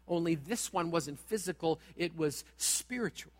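A pastor preaching a sermon in a church, talking straight at the congregation in a dramatic way. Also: male voice, a little high, moderate pace, long reverb tail. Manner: dramatic, direct, acts out quoted voices.

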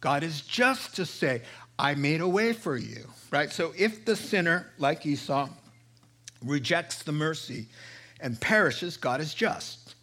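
A man preaching a sermon, building to emphatic, impassioned peaks and dropping to hushed asides. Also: a little high, lively intonation, unhurried. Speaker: pastor.

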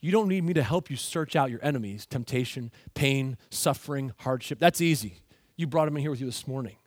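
A man preaching an earnest sermon, dropping low and soft whenever he quotes God. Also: expressive, brisk, no room sound. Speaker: pastor.

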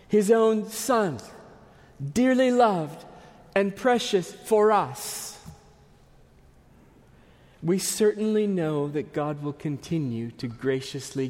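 A man preaching a sermon, earnest and emphatic, often dropping to a hush at the ends of phrases. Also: high-pitched. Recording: long hall reverb.

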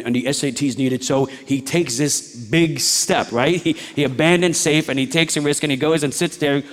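A middle-aged man preaching a sermon, moving between quiet storytelling and rising exhortation. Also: mid-range voice. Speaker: pastor. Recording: long hall reverb.

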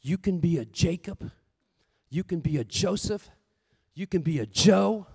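A man preaching a sermon with lively storytelling, swinging between loud bursts and hushed asides. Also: high-pitched, unhurried, gravelly, breathy edge, in a large hall.

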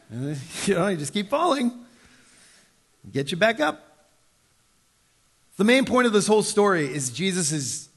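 A man in his thirties, a pastor, preaches in a conversational style. Whenever he quotes someone, he acts out their voice with sudden jumps in pitch.

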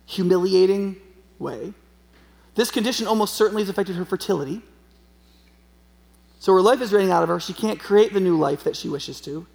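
A man's voice: high-pitched, creaky, a little mellow. A man preaching a sermon in a conversational way, often checking in with the audience. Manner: conversational, frequent tag questions. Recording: long hall reverb.

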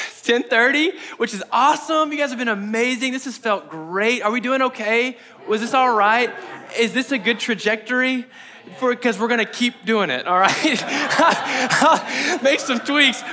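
A pastor with a high-sitting, sharp-toned voice preaches a casual, joking sermon to his church. He talks conversationally and laughs often.

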